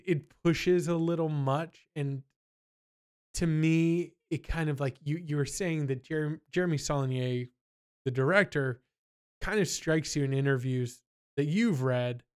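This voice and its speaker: A young man in casual podcast chat, with a smooth, clear tone and a somewhat raised pitch. He tells stories with an animated, rambling energy, slipping into quick impressions of people. The talk feels loose and friendly. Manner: animated storyteller, mimics people in quotes. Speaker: podcast co-host.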